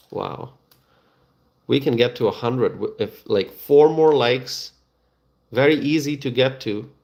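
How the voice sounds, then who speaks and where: Host, male, middle-aged; unhurried, gravelly, halting live-stream chat. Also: mid-range voice, a little mellow. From Bangladesh. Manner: halting, many fillers and restarts.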